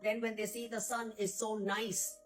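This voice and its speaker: A mother calmly and earnestly shares her advice to camera. Faint music plays behind her voice. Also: mid-range voice, moderate pace, rough recording. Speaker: mother of sons and daughters.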